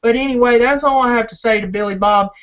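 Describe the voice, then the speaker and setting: A man's voice: extremely high pitch, fast talker, a bit bright, clear, resonant tone. A man hosting a fan channel, ranting and repeating insults at a rival in a wrestling trash-talk promo. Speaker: fan channel owner and host. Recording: dull lo-fi audio.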